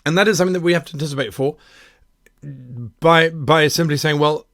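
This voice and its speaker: Guy gm going through adventure submissions, quick and wry, a bit facetious. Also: a little high, a bit bright. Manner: quick, wry, self-mocking. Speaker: game master giving a workshop. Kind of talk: casual critique of adventure submissions.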